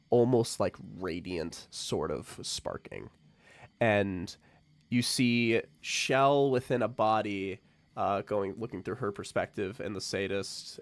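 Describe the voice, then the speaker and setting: A laid-back man narrating a tabletop game with a gravelly voice and slow delivery. His sound is dry and close to the microphone. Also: fairly low pitch, no echo. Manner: relaxed, laughing, loose narration. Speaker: dungeon master.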